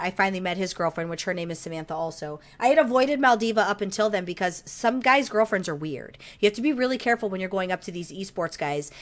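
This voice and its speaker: A woman co-hosting a podcast, telling a story in casual chat, animated, swearing freely, with laughs and frequent throat clearing. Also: medium pitch. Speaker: podcast co-host.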